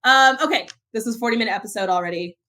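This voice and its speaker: A young woman co-hosting a podcast, talking in an animated, emphatic way as she rants about security advice. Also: a little high, fast talker. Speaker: podcast co-host. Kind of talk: casual podcast chat.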